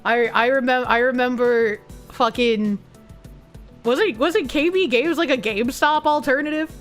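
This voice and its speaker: A woman's voice: high-pitched, moderate pace, soft background music. A young woman streamer reacting to news and chat, sarcastic, swearing freely and laughing often. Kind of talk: casual live-stream reaction, reading news and chat aloud.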